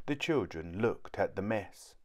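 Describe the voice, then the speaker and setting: Man, storybook narration, low voice, very slow. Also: expressive. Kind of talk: reading a children's book aloud.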